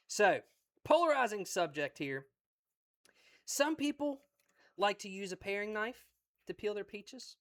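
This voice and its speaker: An excited man from West Virginia with an Appalachian accent, chatting folksily on a cooking livestream. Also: high-pitched, unhurried, pauses often. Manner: folksy and exuberant, repeats phrases.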